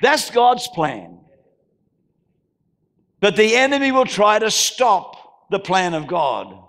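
An Australian man preaching a sermon as pastor, calling out to the congregation and rising into shouted declarations, recorded in a church hall. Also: high voice, very animated, slow pace.

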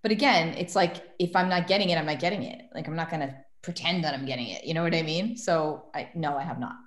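A woman with a somewhat low voice chats as a podcast guest. She tells stories with energy and acts out what people said. The sound is roomy and echoey. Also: quick pace. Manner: animated storytelling, acts out quotes. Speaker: guest medium and tarot reader. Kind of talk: casual podcast chat. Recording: echoey room.

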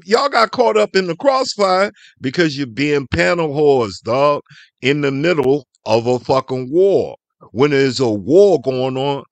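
A man's voice: fairly high pitch, fairly bright tone, no room sound. A man hosting an online commentary show, delivering a heated, cussing, scolding rant. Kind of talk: profane ranting commentary.

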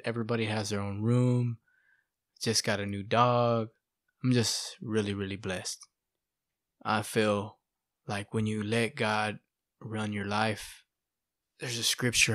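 Lively storytelling man, dry close voice. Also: fairly low pitch, no room sound. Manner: animated, fills speech with "right?" and "you know". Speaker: podcast guest sharing testimony. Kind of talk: casual storytelling.

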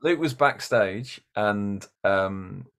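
Lower-voiced man telling stories. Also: very slow, clean tone. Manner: animated storyteller. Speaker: musician guest. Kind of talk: casual chat.

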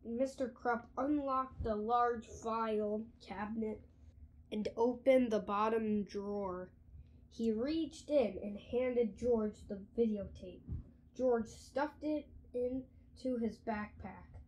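A woman reading a children's audiobook aloud in an expressive storytelling manner. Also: fairly high pitch, slow. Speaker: audiobook reader.

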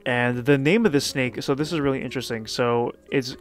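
Over soft background music, a man with a medium-pitched voice gives a relaxed recap of a manga chapter with his own commentary. It's a chatty retelling peppered with fillers and quick laughs.

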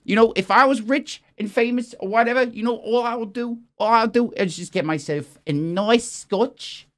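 A man's voice: very high voice, brisk, fairly bright tone. A man hosting a mock news show, improvising in a profane, exasperated, rambling way. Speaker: comedy news anchor. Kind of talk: improvised comic news parody.

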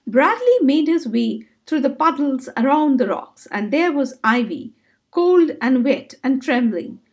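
A woman storyteller reading a children's bedtime story aloud in an expressive, sing-song manner. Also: sits high, measured pace.

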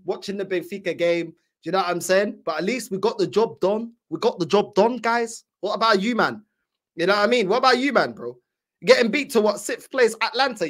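A woman with a London accent hosting a fan channel, teasing and chatting casually in heavy slang, constantly asking whether the listener gets it. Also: mid-range voice. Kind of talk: casual reaction commentary.

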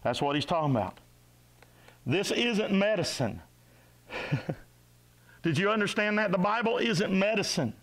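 A man preaching a sermon as pastor, exhorting his congregation, rising to shouts and dropping low. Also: measured pace, long pauses, low-quality recording. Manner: animated, exhorting, rises to shouts and drops to low tones. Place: church sanctuary.

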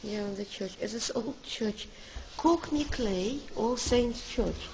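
A woman's voice: a little high, takes it slowly, vocal fry, background noise. A woman filming a family outing on a handheld camera, talking in simple non-native English and coaxing her child along, outdoors by an old church and then inside it. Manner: coaxing and affectionate, keeps calling her child darling. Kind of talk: casual handheld vlog narration.

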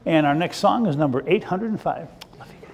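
A man's voice: fairly high pitch, animated, fairly quick, a little mellow, in a large hall, slight background noise. An older man, a pastor, telling a children's sermon in a playful, chatty way with the kids. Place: church sanctuary.

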